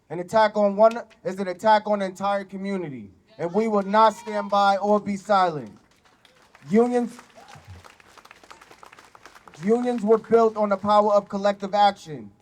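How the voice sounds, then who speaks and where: High-voiced man giving a firm rally speech. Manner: firm, declarative, measured. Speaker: union business agent. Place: outdoor rally.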